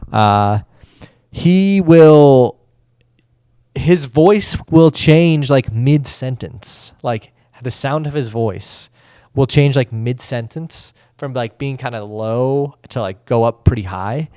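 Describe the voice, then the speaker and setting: A man's voice: medium pitch, slow, darkish tone, smooth, no echo, studio quality. A young man co-hosting a podcast, chatting in a laid-back, rambling way with lots of fillers. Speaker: podcast co-host. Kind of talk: casual chat.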